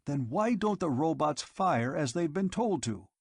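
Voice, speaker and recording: A man putting on a shrill, panicking alien commander from a storybook, shouting orders that nobody obeys. His voice jumps high with urgency and rises and falls a lot, with a husky edge. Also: animated, measured pace, dry recording, clean studio sound, heavily acted. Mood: shrill alarm. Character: frightened, shrill alien male commander Dodeth.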